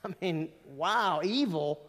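A man's voice: high voice, lively intonation, slow pace, fairly bright tone. A middle-aged man preaching a sermon in a church, talking in a conversational way with rhetorical questions and asides. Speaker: pastor. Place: church sanctuary. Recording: long reverb of a church hall.

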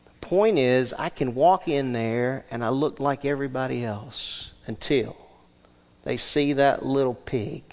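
A man preaching a sermon as pastor, animated, swinging between loud emphasis and hushed asides. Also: medium pitch, measured pace, big-room sound.

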